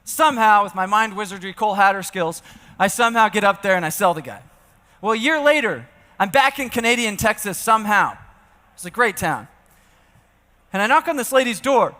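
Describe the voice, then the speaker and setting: A man giving an energetic sales keynote on stage, telling stories with acted-out dialogue and rallying the audience to join in. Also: high voice, brisk. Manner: animated storyteller who acts out dialogue and rallies the audience. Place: large event hall on stage. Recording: long reverb of a large hall.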